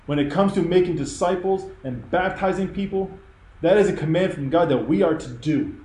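A man's voice: a little high, normal speed, a little mellow, reverberant, low-quality recording. A man preaching a sermon, earnest and emphatic in a conversational way. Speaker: pastor. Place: church.

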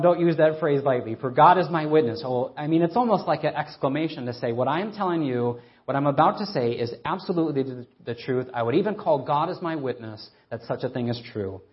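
A man preaching a sermon, earnest and emphatic, asking rhetorical questions and slowing down to stress scripture readings. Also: a little high, dull audio.

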